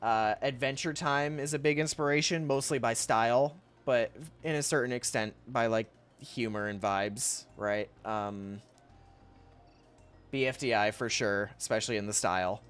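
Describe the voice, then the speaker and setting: Smooth-voiced young man chatting on stream. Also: medium pitch, normal speed, fairly bright tone. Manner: rambling, chatty, reads chat aloud, often laughs. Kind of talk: casual livestream chat while drawing.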